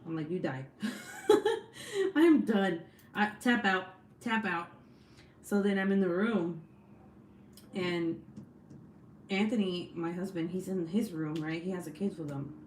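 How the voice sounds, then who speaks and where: A young woman chatting casually at home, telling profane stories and acting out the quotes in lively bursts. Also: lowish voice, takes it slowly, pauses often, a little hiss or hum. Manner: profane, animated, acts out quotes. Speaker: craft vlogger. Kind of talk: casual storytelling chat.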